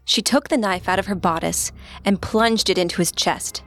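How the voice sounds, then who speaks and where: Female podcast co-host, mid pitch, steady scripted true-crime narration, faint music. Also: normal speed.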